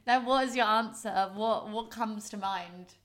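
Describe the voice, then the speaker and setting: A woman's voice: medium pitch, measured pace, a bit bright. Chatty woman, podcast co-host, giggly casual talk at home on a close mic. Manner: chatty and giggly, many likes. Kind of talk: casual chat. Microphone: podcast microphone.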